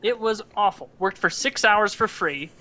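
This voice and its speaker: Bright, high-voiced young man telling stories. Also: moderate pace. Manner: animated, laughing storyteller. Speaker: podcast co-host. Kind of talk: casual storytelling chat.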